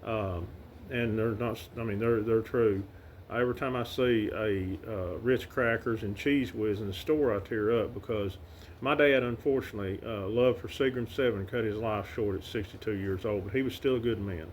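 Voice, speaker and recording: Halting middle-aged Arkansas man. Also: fairly low pitch, a little hiss or hum. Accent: Arkansas Southern. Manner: halting, with many fillers and restarts. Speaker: son paying tribute to his late father. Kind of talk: casual heartfelt storytelling to camera.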